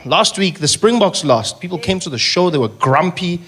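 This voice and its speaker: A man's voice: high voice, moderate pace. A male stand-up comedian with a South African accent, telling jokes playfully on stage and slipping into impressions. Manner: animated, playful, slips into impressions. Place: live comedy venue with audience. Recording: live show with crowd and noise. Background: audience crowd.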